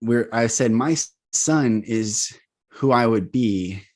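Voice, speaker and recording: A man's voice: medium pitch, slow. A man in his thirties on a video call, telling personal stories in casual conversation, laughing often and acting out what people said. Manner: animated storyteller, laughs often, acts out quotes. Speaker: guest, healing coach.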